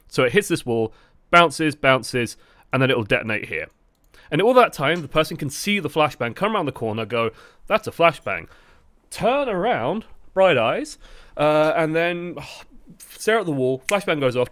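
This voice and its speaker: A man streaming and chatting casually about a game, animated and full of "like" fillers. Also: medium pitch, no echo, clean studio sound. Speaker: gaming streamer. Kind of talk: casual gaming chat.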